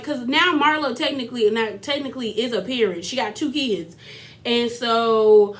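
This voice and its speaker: A woman's voice: fairly high pitch, moderate pace, a bit bright. A woman vlogger giving a casual, chatty recap of a reality show, full of fillers and laughter.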